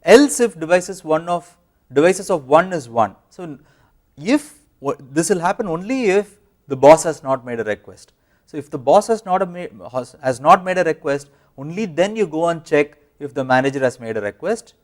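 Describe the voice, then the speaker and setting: A man's voice: fairly high pitch, expressive, moderate pace. A man with an Indian English accent giving a university lecture, explaining step by step with fillers and self-corrections.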